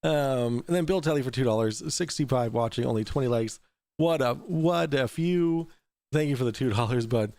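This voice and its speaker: A man's voice: mid-range voice, a little fast, darkish tone, no echo. A man hosting a casual livestream, reading out super chats in a loose, rambling way, swearing freely and laughing often. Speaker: livestream talk show host.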